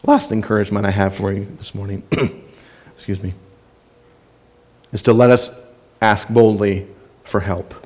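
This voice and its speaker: A man's voice: on the low side, fairly even intonation, unhurried, pauses often, a little mellow, in a large hall. A man preaching a sermon as a pastor, earnest and conversational, often repeating phrases for emphasis.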